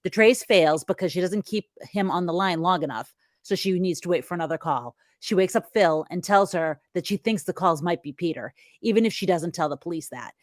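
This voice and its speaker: Chatty low-voiced woman recapping a film. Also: brisk, hardly any pauses, no echo, clean studio sound. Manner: retells plot scenes in a chatty, animated way. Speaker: podcast co-host recapping the plot. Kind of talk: casual podcast chat.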